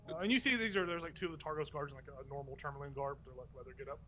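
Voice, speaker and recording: Bright-voiced male game master. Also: a little high, fairly even intonation, fast, hardly any pauses, faint music behind. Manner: loose, rambling, laughs often. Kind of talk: improvised tabletop narration.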